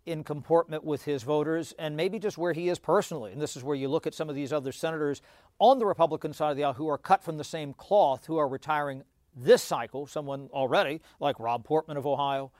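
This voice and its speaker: A man explaining politics as a guest analyst, talking quickly with stammered restarts and many "you know" fillers. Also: a little high, a little mellow, no room sound, clean studio sound.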